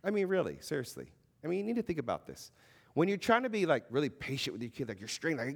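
Thirties male Christian speaker, casual and animated, swings pitch widely, lots of fillers. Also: quick pace, creaky. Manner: animated, conversational, with many fillers and acted-out quotes. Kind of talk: informal faith talk.

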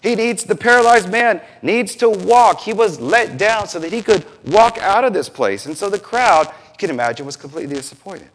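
Male pastor, fairly high voice, very lively intonation, preaching and acting out scenes. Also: moderate pace, hardly any pauses. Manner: animated, acts out biblical scenes with quoted voices. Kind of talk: sermon.

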